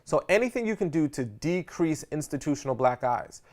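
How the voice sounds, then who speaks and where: A speaker coach teaches a live seminar on public speaking, energetic and slangy, frequently checking in with his audience. His voice is on the high side and brisk.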